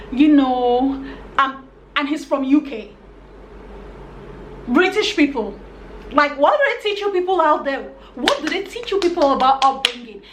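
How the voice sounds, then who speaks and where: A young woman from Cameroon tells a storytime on her vlog with a high, bright pitch, acting out every line of dialogue with animated exasperation. Her voice bounces around an echoey room, with a faint hiss of noise under it. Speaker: vlogger. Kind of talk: storytime vlog, casual retelling.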